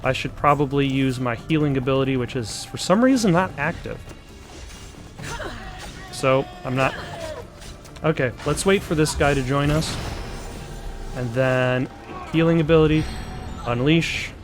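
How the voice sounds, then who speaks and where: A man's voice: mid-range voice, a little slow, long pauses, over music. A young man, out of breath, rambling through casual gameplay commentary with many ums and uhs. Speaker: let's play host.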